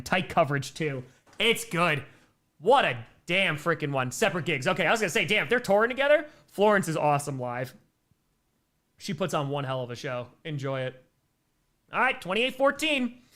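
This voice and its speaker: Young male livestream commentator, bright and forceful tone, relaxed chat mixed with excited calls. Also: fairly high pitch. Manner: casual, answers viewer chat between plays, bursts of excitement on big plays. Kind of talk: live play-by-play and chat reactions.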